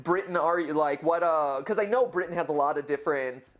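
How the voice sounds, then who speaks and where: Excitable, stammering livestream host man. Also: fairly high pitch, brisk, crowd noise. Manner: excitable, stammering, laughs often. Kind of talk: casual livestream chat.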